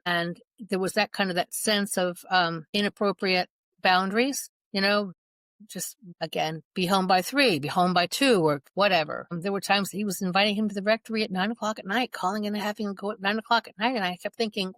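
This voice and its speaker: A woman's voice: mid-range voice, a little fast, a bit bright, no echo. A middle-aged woman, a mother and guest, giving an earnest personal account in conversation and acting out past dialogue as she goes. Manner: earnest, reenacts dialogue in her retelling.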